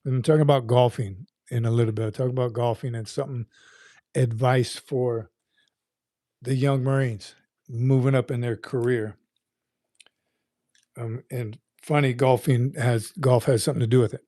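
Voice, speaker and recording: Mellow-voiced man hosting a livestream. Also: medium pitch, fairly even intonation, moderate pace, long pauses, no room sound. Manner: greets chat viewers by name, upbeat and folksy. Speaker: livestream host. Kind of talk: casual livestream chat.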